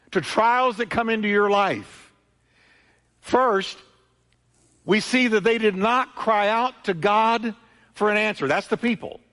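A male pastor preaching a sermon with emphatic, repetitive delivery, swinging between loud peaks and quieter asides. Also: high voice. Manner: emphatic preaching, repeating phrases with rising and falling intensity. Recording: long church hall reverb.

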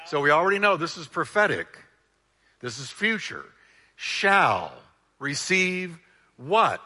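Male pastor, animated call-and-response sermon, fairly high voice, swings up and down a lot. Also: a little slow, big-room sound.

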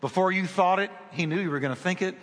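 Pastor guy preaching, bright high voice, big echoey hall. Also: quick pace. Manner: animated storytelling preacher, repeats phrases for emphasis. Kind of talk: sermon.

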